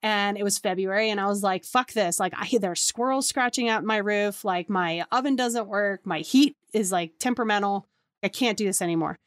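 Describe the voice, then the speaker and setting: A woman's voice: mid-range voice, fairly quick, no echo. Chatty woman telling stories, dry sound. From New York area. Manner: chatty, acts out quoted dialogue with lots of "like". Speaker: podcast host. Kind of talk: casual storytelling.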